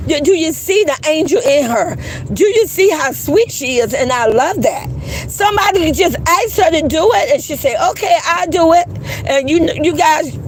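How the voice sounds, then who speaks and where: A high-pitched woman hosts a casual livestream chat. She talks bluntly and swears freely while greeting viewers. A faint hum of background noise sits under her voice. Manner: blunt, profane, laughing, reads chat aloud. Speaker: livestream host.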